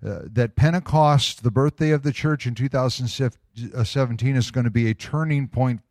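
A man giving a sermon as pastor, reading a prophetic word slowly and with emphasis, with casual asides in between. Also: mid-range voice, darkish tone, dry recording, clean studio sound. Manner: conversational asides with fillers.

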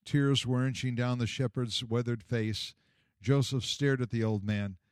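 A man's voice: mid-range voice, clean tone, no room sound, studio quality. Male storyteller reading a Bible story. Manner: measured, expressive reading. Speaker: narrator. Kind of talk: storybook narration.

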